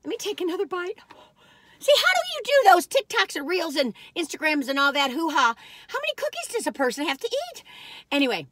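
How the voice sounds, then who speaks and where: Chatty, lively woman vlogger in a car. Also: very high-pitched, brisk, no echo. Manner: folksy and chatty, drifts off topic. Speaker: vlogger reviewing cookies. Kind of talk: rambling casual chat. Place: parked car.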